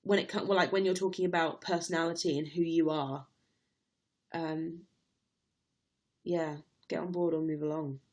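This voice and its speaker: Young girl chatting on her livestream, bit lower voice, reads comments, laughs a lot. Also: steady tone, normal speed, pauses often. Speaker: livestream host. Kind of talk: casual livestream chat.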